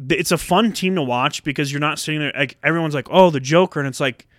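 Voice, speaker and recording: A man co-hosting a casual sports chat, animated and swearing freely as he acts out what players said. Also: fairly high pitch, fast talker, dry recording, clean studio sound. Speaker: podcast co-host.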